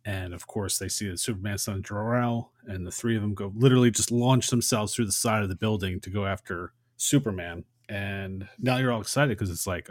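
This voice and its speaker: Low-voiced man recapping a film. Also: a little fast, few pauses, no room sound, studio quality. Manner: animated recapping, acts out short quotes. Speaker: podcast co-host. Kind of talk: casual film discussion.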